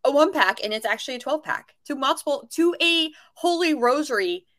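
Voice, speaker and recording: A woman's voice: sits high, fairly quick. A woman co-hosting a casual podcast, telling stories animatedly and acting out what people said. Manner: animated storytelling, acts out quotes. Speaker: podcast co-host, reseller.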